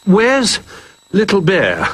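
A man voicing a gentle, cheerful young toy giraffe in a storybook reading. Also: sits high, wildly swooping pitch, drawn-out words, husky, voice pushed up, exaggerated voice. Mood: worried.

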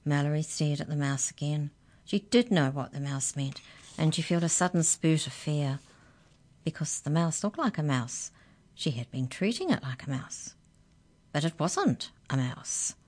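A woman narrating a children's story aloud in an expressive, gently dramatic way. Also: sits low, measured pace.

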